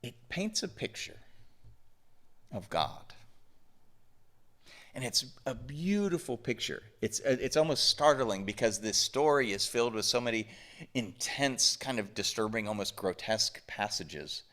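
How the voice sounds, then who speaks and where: A man's voice: mid-range voice, lively intonation, unhurried, fairly bright tone. A man from the southern United States preaching a conversational sermon to his church, full of emphatic rhetorical questions. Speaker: pastor. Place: church sanctuary.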